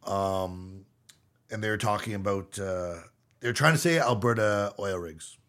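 A man's voice: fairly low pitch, unhurried, a bit bright. A man co-hosting a podcast, making his points in casual debate. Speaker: podcast co-host.

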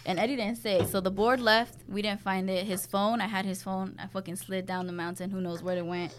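A young woman chatting casually, telling stories with lots of swearing and loud acted-out quotes. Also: mid-range voice, fairly quick, background noise. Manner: animated, profane storytelling with loud acted quotes. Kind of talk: casual chat.

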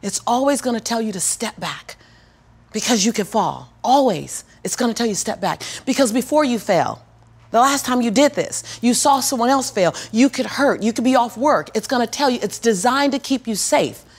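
A middle-aged woman and motivational speaker telling a personal story in an interview, lively and acting out the people in it, then preaching with repeated phrases. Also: on the high side, normal speed, slightly rough. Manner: animated, acts out the people in her story.

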